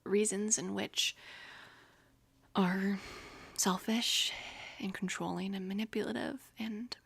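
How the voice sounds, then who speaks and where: A woman of about twenty in a whispered role-play, gently soothing and reassuring as a caring best friend, close to the microphone. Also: medium pitch, fairly even intonation, takes it slowly, creaky, husky, dry recording.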